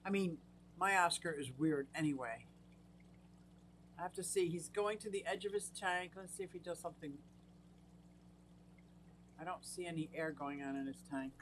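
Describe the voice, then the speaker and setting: A woman's voice: sits low, moderate pace, pauses often, a little hiss or hum. A middle-aged woman hosting a casual live stream from her fish room at home, chatting away and greeting viewers by name. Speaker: aquarium hobbyist live-stream host.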